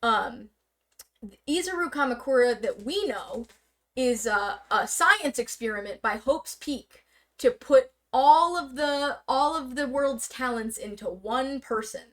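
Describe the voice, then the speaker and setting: A woman casually explaining a story on a live stream, rambling with lots of fillers and sudden bursts of fast talk. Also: high-pitched, a bit bright. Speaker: stream guest presenting slides. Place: streaming setup indoors.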